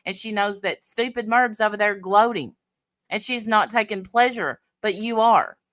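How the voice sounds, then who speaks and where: A woman's voice: medium pitch, moderate pace, fairly bright tone, dry recording, clean studio sound. A woman hosting a reaction stream, talking in a blunt, mocking way. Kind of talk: heated reaction commentary. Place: lives in Tennessee.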